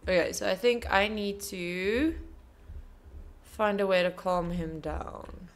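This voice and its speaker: A woman playing a video game and commenting casually, tender and emotional, cooing at a bear and swearing softly under her breath. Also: medium pitch, slow pace. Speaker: gaming video host. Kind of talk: casual let's play commentary.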